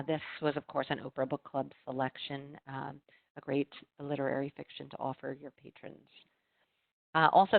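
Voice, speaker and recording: A woman's voice: low-pitched, no room sound. A woman hosting a casual book recommendation chat, reading blurbs with many ums and uhs over a video call. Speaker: library marketing host. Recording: tinny dry video call audio.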